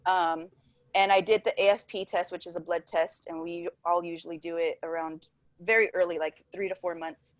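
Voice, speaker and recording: A woman's voice: lowish voice, normal speed, dry recording. Young woman hosting a podcast, chatty and laughy, lots of likes and ums, dry close sound. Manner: animated, laughing storyteller with many fillers. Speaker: podcast host. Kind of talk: casual storytelling chat.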